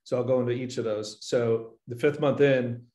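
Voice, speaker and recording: A man's voice: medium pitch, moderate pace. Man telling stories in a roomy space. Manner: animated storyteller who acts out quoted voices. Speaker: guest, painting business owner. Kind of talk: casual interview storytelling. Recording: roomy echo.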